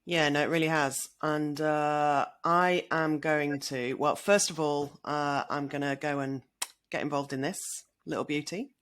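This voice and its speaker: A woman co-hosting a podcast, chatting in a measured, agreeable way with small fillers. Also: low-pitched, fairly even intonation. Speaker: podcast co-host. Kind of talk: casual chat.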